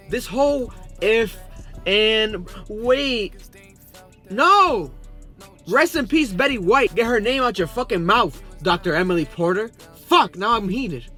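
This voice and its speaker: Excitable, profane male podcast host. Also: on the high side. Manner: profane, excitable, reads posts aloud. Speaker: podcast host reacting to memes. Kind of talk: casual reaction commentary.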